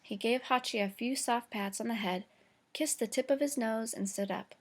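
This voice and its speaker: A woman teacher reading a chapter book aloud to her class, slow and careful, with small stumbles and self-corrections. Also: on the high side.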